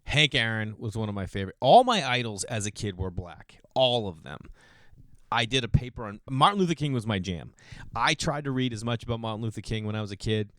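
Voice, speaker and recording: A man in his forties telling rambling, self-deprecating stories in a casual monologue, clearing his throat now and then. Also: a little fast, no echo, clean studio sound. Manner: rambling, self-deprecating, gets louder and higher when excited. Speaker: podcast host.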